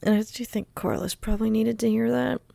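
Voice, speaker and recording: A woman's voice: on the high side, fairly even intonation, brisk, gravelly, mellow, no echo. A woman hosting a reaction video, exclaiming and talking back at the screen in casual commentary.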